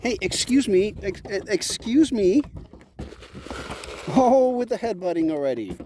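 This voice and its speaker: A man's voice: high-pitched, expressive, slow pace, pauses often, warm tone. A man running a farm vlog outdoors, playfully scolding his goats in a teasing sing-song. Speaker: farm vlogger. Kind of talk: casual talk to camera and animals. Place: outdoors on a farm by a goat pen. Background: faint wind and goat bleats.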